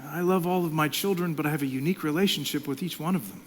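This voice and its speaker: A middle-aged male pastor preaching a sermon, swinging from loud, impassioned lines to hushed whispers. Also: fairly high pitch, steady tone, very fast, hardly any pauses.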